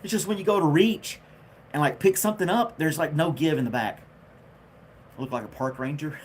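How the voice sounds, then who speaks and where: Hosting a casual livestream from home, a man chats with viewers and reads their comments, joking around and laughing at his own gags. His voice is fairly high and a little fast. There's slight background noise.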